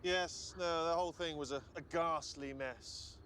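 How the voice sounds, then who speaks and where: A genteel, blustering British heir. His voice is bright and sharp, set a little high. Faint background noise sits under it. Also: fairly even intonation, measured pace. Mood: posh. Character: posh British male hotel heir who denies his accent.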